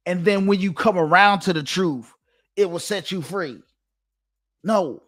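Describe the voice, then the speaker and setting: A man's voice: high-pitched, a little slow, a bit bright. A man giving a preachy direct-to-camera monologue, emphatic and repetitive, with a sermon-like cadence. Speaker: online commentator.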